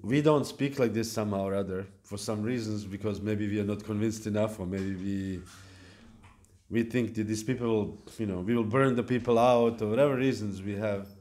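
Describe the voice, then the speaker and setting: A man with a fairly low voice delivers a devotional talk at a temple. He speaks haltingly, often pausing on fillers and restarting phrases as he works through his points. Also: fairly even intonation, a little mellow. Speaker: lecturer at a temple. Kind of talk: devotional lecture. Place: temple hall.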